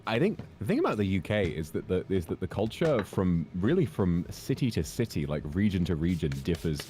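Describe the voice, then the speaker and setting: A man's voice: sits low, sing-song, a little fast, warm tone, slight background noise. A British man chatting as a guest, telling rambling anecdotes. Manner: rambling anecdotes with playful put-on voices. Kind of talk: casual chat.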